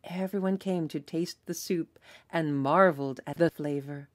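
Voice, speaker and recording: A young woman preschool teacher reading a picture book aloud in an animated storytelling voice. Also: low voice, normal speed, no echo, studio quality.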